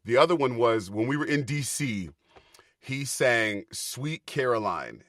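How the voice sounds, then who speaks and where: A man guest on a casual podcast chat, telling lively stories, acting out quotes and laughing often. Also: medium pitch, a little slow, no room sound, studio quality. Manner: animated storyteller, acts out quotes, laughs often. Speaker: Broadway actor guest.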